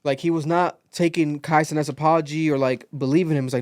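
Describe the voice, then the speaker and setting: Young male podcast host, slightly high voice, dry close mic, animated storyteller. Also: fast talker, few pauses, dry recording. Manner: animated storytelling, acts out quotes. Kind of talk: casual podcast chat.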